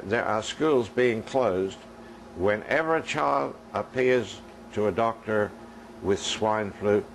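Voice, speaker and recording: Lively man preaching a sermon. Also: medium pitch, a little hiss or hum, poor audio. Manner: conversational, rising to emphatic questioning.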